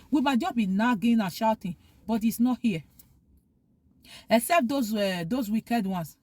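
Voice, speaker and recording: A woman's voice: fairly high pitch, a little mellow, slight background noise. A woman vlogger talking earnestly, giving heartfelt advice and repeating her points for emphasis. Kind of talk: casual opinion monologue.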